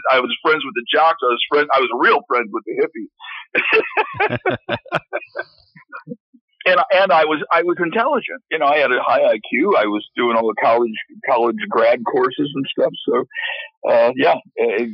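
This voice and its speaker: A man's voice: mid-range voice, dry recording. A man, a musician guest on a radio show, chatting loosely about his life with the flair of a showman and many restarts. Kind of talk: casual interview talk. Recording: dull, lo-fi radio sound.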